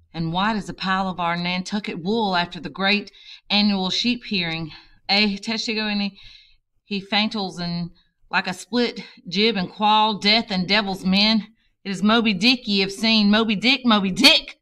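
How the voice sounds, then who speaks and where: Woman reading a vengeful old sea captain, booming, bright crisp tone, slow delivery; audiobook. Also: natural voice. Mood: fierce. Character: obsessed old male sea captain, fierce.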